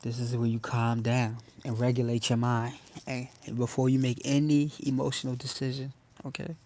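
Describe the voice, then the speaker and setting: A man's voice: medium pitch, monotone, moderate pace, dark tone. Slangy man on a phone livestream. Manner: loose slangy talk, addresses chat often. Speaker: livestream host. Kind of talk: casual livestream talk to viewers.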